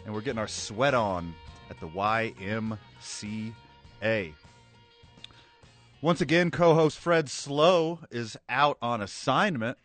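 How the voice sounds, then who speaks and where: A man's voice: fairly low pitch, fairly bright tone. A man hosting a sports radio show, joking and bantering with his co-host. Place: radio studio. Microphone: studio microphone.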